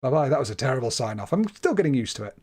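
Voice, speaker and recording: A man's voice: medium pitch, sing-song, rapid-fire, a little mellow. A British man giving casual, self-deprecating livestream commentary on a game while laughing often. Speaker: streamer.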